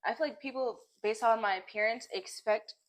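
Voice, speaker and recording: A teenage girl co-hosting a casual podcast, stretching her words out in a Valley-girl way. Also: on the high side. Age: teens. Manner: drawn-out Valley-girl way of speaking. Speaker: podcast co-host. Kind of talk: casual chat.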